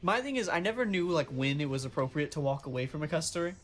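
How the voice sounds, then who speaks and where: Chatty young man, higher voice. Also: lively intonation, quick pace, slight background noise. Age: young adult. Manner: chatty, tells retail customer anecdotes with acted-out quotes. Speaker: gaming co-host. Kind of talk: casual chat while gaming.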